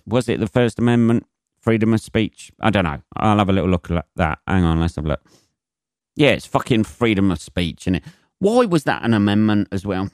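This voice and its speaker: A man's voice: fairly low pitch, very animated, normal speed, pauses often, no echo, clean studio sound. A British man hosting a podcast, ranting and swearing at length in a rambling, mocking way. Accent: British English. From Britain. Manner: sweary, rambling, mocks with put-on voices. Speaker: podcast host. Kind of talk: profane solo rant.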